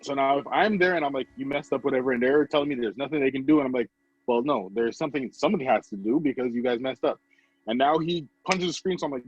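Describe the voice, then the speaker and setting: A man co-hosting a casual podcast chat, telling a story with lively acted-out quotes. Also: medium pitch, fast talker, muffled recording. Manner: animated storytelling, acts out quoted voices. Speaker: podcast co-host.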